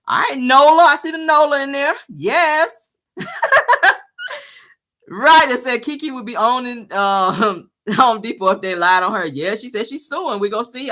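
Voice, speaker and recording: A woman hosting a livestream, giving blunt, sassy advice and reading viewer comments in casual chat. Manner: animated pitch jumps for emphasis. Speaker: livestream host.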